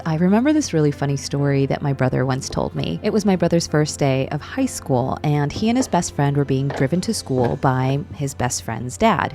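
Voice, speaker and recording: A woman narrating her cooking vlog in a gentle, unhurried, conversational voice-over. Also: low voice. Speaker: cooking vlogger.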